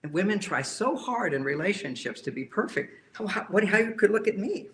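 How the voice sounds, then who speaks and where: A man's voice: high voice, big pitch swings, fairly quick, a bit bright, a little hiss or hum. A man speaking as a relationship counselor, giving an emphatic talk to a live audience and often repeating key phrases.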